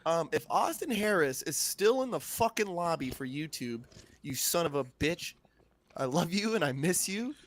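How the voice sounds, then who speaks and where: A man's voice: a little high, very animated, moderate pace. A young man hosting a live podcast, telling rambling, profane stories in casual chat. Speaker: podcast host.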